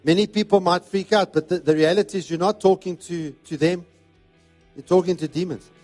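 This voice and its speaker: A man's voice: high voice, fairly even intonation, a little fast, a little mellow, faint music behind. Man preaching emphatically. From South Africa. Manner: emphatic, repetitive preaching cadence. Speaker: pastor. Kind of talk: sermon.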